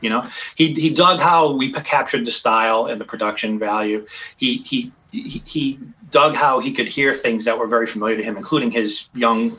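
Man, bright, chatty storyteller, restarts often, faint background noise. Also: medium pitch, moderate pace, dull audio. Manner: rambling storyteller with many restarts. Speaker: band founder guest. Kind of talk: casual podcast chat.

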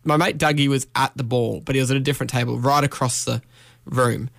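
Australian radio host, dry studio sound. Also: male voice, medium pitch, a little fast, gravelly, no room sound. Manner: animated storytelling, acts out mates' lines. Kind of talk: casual breakfast radio chat. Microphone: studio mic.

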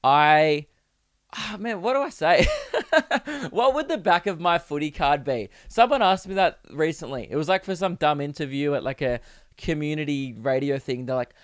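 Joking young Australian man, crisp voice. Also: on the high side, lively intonation, normal speed, no echo, clean studio sound. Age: 20s. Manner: rambling, jokey and crude, laughs often. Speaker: podcast host. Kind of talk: casual solo podcast chat. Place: home recording setup.

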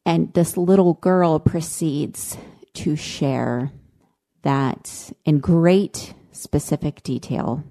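Woman, podcast co-host, impassioned storytelling, low pitch, mellow tone. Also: very slow. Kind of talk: casual podcast chat.

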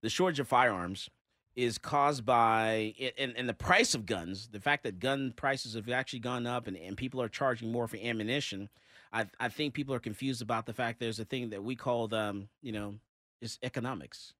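A man's voice: mid-range voice, moderate pace, a bit bright, no room sound, clean studio sound. A man hosting a talk radio show, joking loosely and reading listener comments aloud. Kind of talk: casual talk radio banter.

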